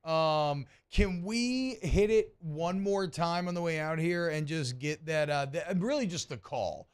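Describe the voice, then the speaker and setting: A man's voice: fairly high pitch, unhurried, clean tone. Upbeat man co-hosting sports radio. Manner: playful, rambling, self-deprecating. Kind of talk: casual sports talk with live ad reads. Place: radio studio.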